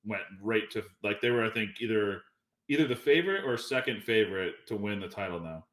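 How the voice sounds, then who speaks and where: A man's voice: fairly low pitch, expressive, fairly quick, a bit bright. A man co-hosting a podcast in casual chat, laid-back and agreeable. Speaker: podcast co-host. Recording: roomy echo.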